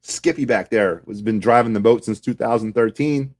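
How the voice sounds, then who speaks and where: A man's voice: medium pitch, normal speed, darkish tone. A man hosting a sports podcast, delivering a heated, sarcastic fan rant full of rhetorical questions.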